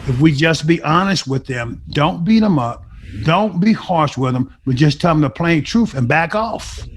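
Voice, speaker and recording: A man's voice: a little high, expressive, normal speed, husky. Emphatic middle-aged man telling his story. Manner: emphatic storytelling, acting out remembered dialogue. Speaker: guest sharing a recovery story. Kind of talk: personal testimony.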